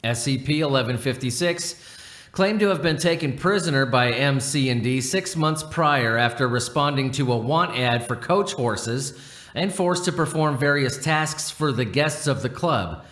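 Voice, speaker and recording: A man narrating a horror story as a measured, deliberate reading. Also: mid-range voice, expressive, a bit bright. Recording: roomy echo.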